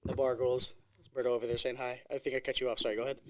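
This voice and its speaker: A man's voice: medium pitch, flat delivery, very fast, a crowd in the background. A man hosting a casual podcast, telling stories animatedly, swearing and laughing often. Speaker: podcast host. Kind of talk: casual chat.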